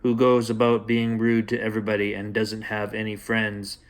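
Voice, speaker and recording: A man voicing a stern, measured male goblin king who lectures in a bedtime storybook reading. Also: fairly low pitch, monotone, natural voice.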